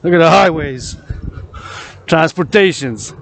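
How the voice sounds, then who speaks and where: A man from Canada giving a loud, profane, rambling rant, chanting and repeating words. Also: a little high, expressive, unhurried, creaky, slight background noise. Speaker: vlogger.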